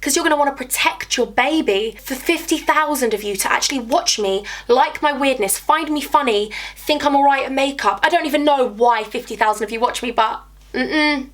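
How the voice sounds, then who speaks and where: A woman's voice: high voice, fairly quick, few pauses. A young woman, chatting casually and getting sidetracked while she does her makeup. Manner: bubbly, chatty, easily sidetracked. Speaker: beauty vlogger.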